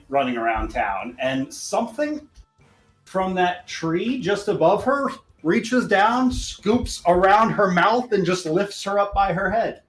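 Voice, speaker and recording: Game master, male, animated and lively in pitch, vivid scene narration, echoey room with faint music.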